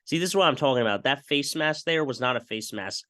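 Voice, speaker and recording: Excitable young man calling game replays. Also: mid-range voice, fast talker, dry recording. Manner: excitable, mimics broadcast calls, repeats stock phrases. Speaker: fan video commentator. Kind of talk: casual play-by-play game breakdown.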